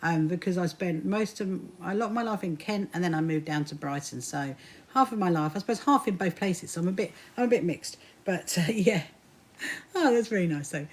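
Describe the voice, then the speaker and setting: Brisk and lively in intonation, a fairly low-voiced woman hosts a livestream, talking casually as she sews. Her accent blends Kentish and Sussex English, being from England's south coast, and she laughs a lot while greeting her viewers by name.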